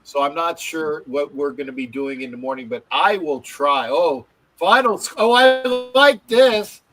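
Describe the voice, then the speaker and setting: A man's voice: medium pitch, moderate pace, a bit bright, faint music behind, poor audio. Rambling, cussing male stream host. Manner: rambling, swears, many false starts. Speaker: show host. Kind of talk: casual live-stream chat.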